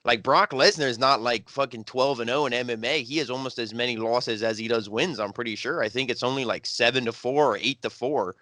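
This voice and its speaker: Bright, dry-voiced man chatting casually. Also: mid-range voice, brisk, few pauses, no echo. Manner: animated retelling, frequent "like" and "he's like". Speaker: wrestling podcast co-host. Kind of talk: casual podcast chat.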